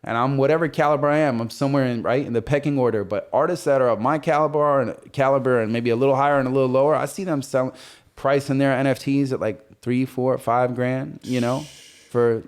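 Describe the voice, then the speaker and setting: A man's voice: medium pitch, fairly even intonation, quick pace, clean tone. A man being interviewed on a casual podcast as a visual artist, talking loosely and rambling through his thoughts. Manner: rambling, loose, with frequent fillers and restarts.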